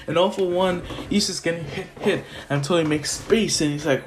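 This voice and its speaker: Young man, casual rambling storyteller, halting, soft lofi music under. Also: fairly high pitch. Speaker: fan storyteller.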